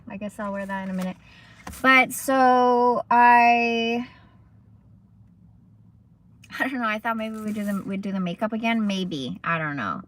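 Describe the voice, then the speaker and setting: Bright-voiced, profane woman rambling on a livestream. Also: a little high. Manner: rambling, profane, chatty storytelling. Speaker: livestream host. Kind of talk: casual chat livestream.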